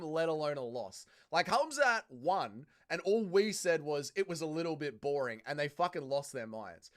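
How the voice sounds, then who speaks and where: A man's voice: a little high, a bit bright. A young Australian man hosting a livestream, chatting casually and crudely while reading out viewer comments. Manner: blunt, crude, joking. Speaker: livestream host.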